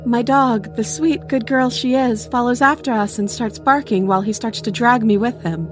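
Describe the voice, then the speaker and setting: A woman's voice: fairly high pitch, normal speed, faint music behind. A woman narrating a first-person true story in an earnest, conversational way. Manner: earnest, conversational retelling with small restarts.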